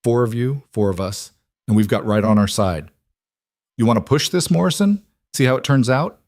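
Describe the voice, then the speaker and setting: A man's voice: medium pitch, expressive, moderate pace, a little mellow, no room sound, studio quality, close to an everyday voice. A man voicing a cocky, loyal young ranch hand in an audiobook western. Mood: challenging.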